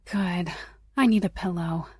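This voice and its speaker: A woman narrator voicing a free-spirited young witch in an audiobook, talking quick and indignant. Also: lowish voice, slightly rough, dry recording, studio quality. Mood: flustered.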